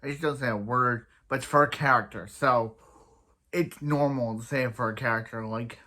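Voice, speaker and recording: Young man, casual episode recap, rambling, stumbling, self-correcting, mid-pitched voice. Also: normal speed, pushed and bright. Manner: rambling, stumbling, many restarts. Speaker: show reviewer.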